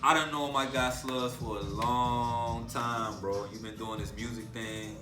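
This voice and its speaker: A man's voice: medium pitch, fairly even intonation, measured pace, echoey room, far from the mic, music in the background. A man hosting a casual hip-hop interview in a radio studio, talking loose and hyped with lots of slang. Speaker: interview host.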